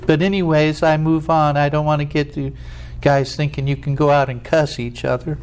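A man's voice: on the high side, little pitch movement, a little mellow, smooth, poor audio. A male preacher giving a sermon in a folksy way, drawing out words for emphasis. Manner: folksy, drawn-out emphatic phrasing.

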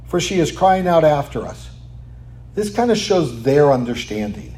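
Lively and conversational, a pastor preaches in a fairly high male voice at normal speed. He's animated, repeatedly throws rhetorical questions at his audience, and caps his points with many a "right?". To emphasize things, he occasionally lowers his voice almost to a whisper.

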